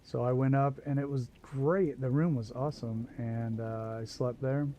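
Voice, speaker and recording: A man's voice: mid-range voice, steady tone, normal speed, dark tone, slight background noise. A man hosting a livestream, telling a long casual anecdote with asides as he plays. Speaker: livestream host. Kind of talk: casual storytelling while gaming.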